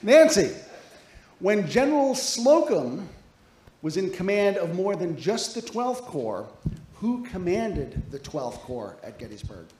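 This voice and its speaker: A man's voice: sits high, big pitch swings, takes it slowly, darkish tone, slight background noise. A man reading quiz questions aloud at a live event, playful and teasing between questions. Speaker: quizmaster. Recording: echoey hall.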